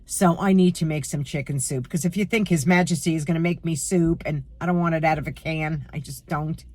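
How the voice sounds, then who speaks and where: A woman's voice: low-pitched, brisk, a little mellow. Middle-aged woman, New York accent, stuffy with a cold; opinionated, chatty vlogger talking to her fans. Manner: opinionated, chatty, talks to viewers as friends. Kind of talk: casual chatty vlog.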